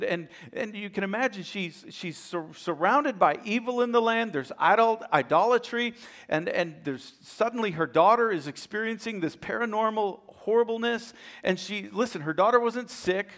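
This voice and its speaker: High-pitched guy preaching, acts out the story, stumbles and repeats words. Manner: animated storytelling, acts out voices, repeats words when excited. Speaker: pastor. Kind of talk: sermon.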